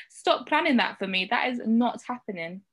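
A woman's voice: fairly high pitch, expressive, normal speed, fairly bright tone. A woman chatting casually on a podcast, frank and blunt, swearing now and then.

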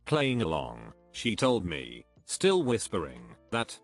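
A man's voice: deep voice, wildly swooping pitch, slow pace, faint music behind. A man reading forum stories aloud in a scripted narration, with dry, conversational asides between them.

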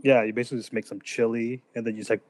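A man co-hosting a casual podcast chat, relaxed and easygoing, laughing often. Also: mid-range voice, racing, no echo. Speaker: podcast co-host.

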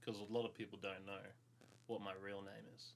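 A young Australian man co-hosting a casual podcast, giggly and animated. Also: fairly low pitch, brisk. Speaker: podcast co-host, band member. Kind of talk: casual chat.

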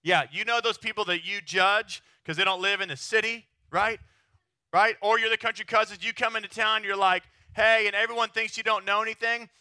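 A pastor from Texas preaching a sermon in a lively, chatty way, often checking in with his listeners. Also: high voice, a little fast, dry recording, studio quality. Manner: animated, chatty, keeps asking the crowd "right?".

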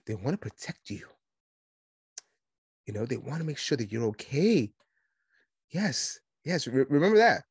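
A man hosting a political podcast, talking in an animated, sarcastic monologue and mocking his opponents. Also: mid-range voice, unhurried, long pauses, breathy edge, no room sound, studio quality. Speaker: podcast host.

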